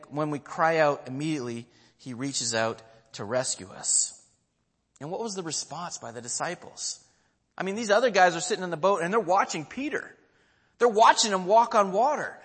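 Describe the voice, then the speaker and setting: A man preaching a sermon, telling a story with lively acted-out quotes and questions to his listeners. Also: high voice. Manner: animated storytelling, acting out quotes, asking the audience questions. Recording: long hall reverb.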